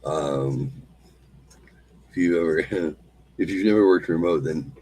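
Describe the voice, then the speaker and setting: A man hosting a solo show, calmly leading a repeated mantra and chatting casually. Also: rumbling low, slight background noise, poor audio. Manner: calm, slow, repetitive chanting of phrases. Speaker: host.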